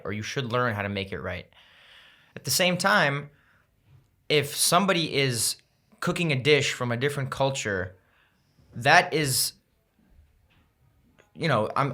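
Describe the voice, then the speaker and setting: A man's voice: mid-range voice, sharp tone. A man guest on a podcast, talking thoughtfully in casual conversation, rambling with restarts. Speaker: guest, content creator.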